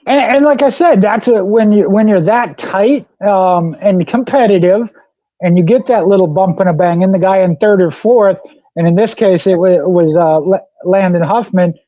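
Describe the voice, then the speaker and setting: High-voiced man, rambling racing talk. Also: moderate pace, no room sound, highs cut off. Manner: rambling, repeats "like I said" and "you know". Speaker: co-host. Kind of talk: casual racing talk radio chat.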